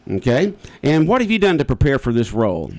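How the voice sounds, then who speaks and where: A man's voice: medium pitch, big pitch swings, brisk, a little mellow. Male radio host asking questions. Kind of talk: radio interview.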